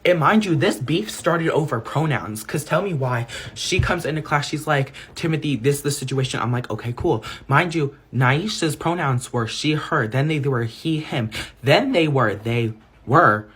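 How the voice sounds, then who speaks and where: Gossipy chatty man, slightly high voice. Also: moderate pace, fairly bright tone, slightly rough. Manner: gossipy, chatty storytelling with many "like" and "mind you". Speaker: vlogger. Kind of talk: storytime get-ready-with-me vlog.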